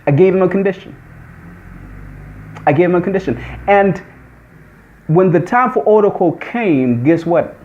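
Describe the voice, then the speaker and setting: Man, slightly high voice, emphatic testimony, repeats phrases, dull lo-fi sound. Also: animated, normal speed, pauses often. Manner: repetitive, emphatic. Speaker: testimony speaker. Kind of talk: personal testimony storytelling. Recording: dull lo-fi recording.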